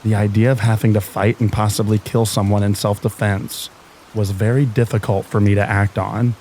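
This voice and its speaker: Male narrator, lower voice, calm and even, scary bedtime stories, soft rain hiss underneath. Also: normal speed.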